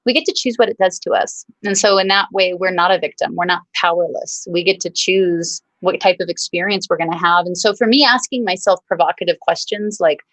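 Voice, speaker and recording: A woman guest singer talking earnestly and thoughtfully in an interview, in measured, encouraging phrases. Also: on the low side, fairly bright tone, dry recording, low-quality recording. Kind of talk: reflective interview talk.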